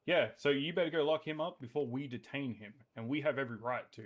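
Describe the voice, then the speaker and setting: A man's voice: mid-range voice, fast. A man roleplaying in character, angry, profane and confrontational.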